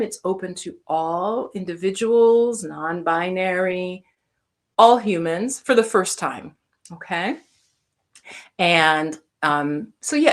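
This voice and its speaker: A woman teaching meditation on a live stream, talking casually to viewers and explaining with everyday analogies. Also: lowish voice. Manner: chatty, explains with homely analogies, talks to the chat.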